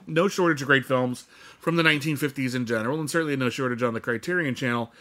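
Bright-voiced chatty male podcast critic. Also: medium pitch, quick pace. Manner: chatty, laughs easily, many fillers. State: sore side, hurts to laugh. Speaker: podcast co-host, film critic. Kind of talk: casual film podcast chat.

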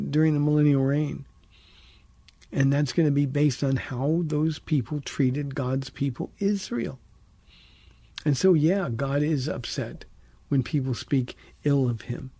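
A man who is a pastor and radio call-in host, teaching the Bible in an earnest, preacherly way, leaning on slow, emphatic words, from a close studio mic. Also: on the high side, warm tone, husky, no room sound. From United States.

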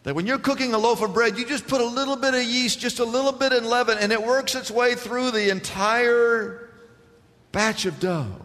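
A man's voice: extremely high pitch, fairly bright tone. A man preaching a sermon in a church, emphatic and calling for responses from the congregation, stretching out key words. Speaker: pastor. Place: church sanctuary. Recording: church hall reverb.

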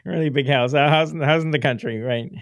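A man's voice: on the high side, fairly quick, creaky, no room sound. Chuckling man host, dry close sound. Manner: rambling, laughs often, many restarts. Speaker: podcast host, former filmmaker. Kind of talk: casual reminiscing interview.

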